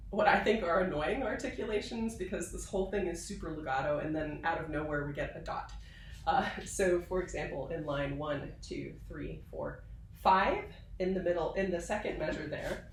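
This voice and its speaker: A woman viola professor giving a patient, explanatory instrumental tutorial, pausing now and then with fillers. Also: on the low side, echoey room, far from the mic, slight background noise, rough recording. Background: viola playing.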